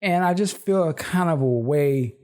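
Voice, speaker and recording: Male co-host, laid-back casual chat, thoughtful. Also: on the high side. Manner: relaxed, thoughtful, measured opinions with slang. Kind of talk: casual movie review chat.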